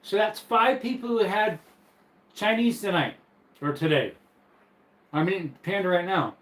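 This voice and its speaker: Easygoing guy streaming from his bedroom, reading chat out loud, kinda high voice, echoey room. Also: a little slow. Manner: easygoing and chatty, laughs often. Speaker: livestream host. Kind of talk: casual live-stream chat, reading viewer comments.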